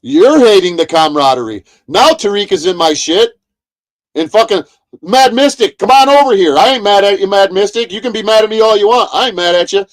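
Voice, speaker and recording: A man's voice: sits high, animated, fairly quick. A man ranting heatedly on a livestream, profane and repetitive. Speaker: streamer. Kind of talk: angry livestream rant.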